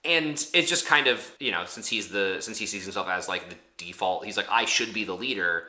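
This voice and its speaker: A man co-hosting a podcast in casual chat, animated, with quick asides and lots of fillers. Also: on the low side, echoey room. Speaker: podcast co-host.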